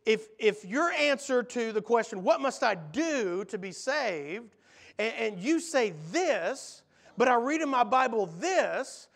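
A man preaching in a church Bible class, earnest and often repeating words as he starts a sentence. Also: sits high.

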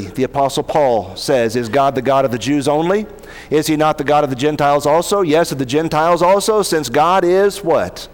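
Male pastor, slightly high voice, earnest sermon delivery with slow emphatic scripture reading, long hall reverb.

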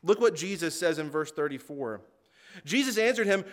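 High-pitched guy preaching a sermon, earnest, leans on words, reads scripture out. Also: expressive, fairly bright tone. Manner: earnest, emphatic, slows down for stress.

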